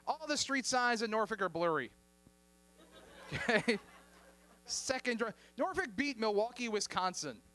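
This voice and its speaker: A man's voice: sits high, bright, forceful tone. A man performing a stand-up comedy set on a club stage, joking with the crowd. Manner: joking, playful crowd work. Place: comedy club stage before a live audience.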